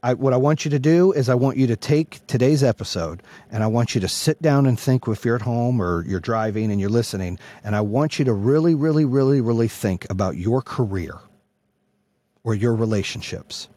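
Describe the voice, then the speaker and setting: A man hosting a podcast, giving a blunt, profane motivational talk that swings between pumped-up pushes and quiet low stretches. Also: lively intonation, a little fast, no echo. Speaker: podcast host.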